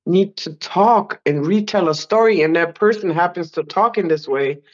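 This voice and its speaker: A woman's voice: on the low side, moderate pace. A middle-aged woman co-hosting a podcast, reacting to videos in casual chat, exclaiming and then trailing off hesitantly. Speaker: podcast co-host, mother. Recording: dull lo-fi sound.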